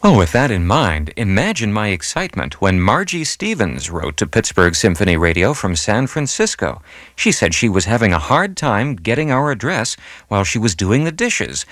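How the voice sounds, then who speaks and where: A man hosting a classical music radio program, reading his script in a measured way and going slowly over details. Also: fairly low pitch, big pitch swings, fairly bright tone, no room sound. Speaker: radio host.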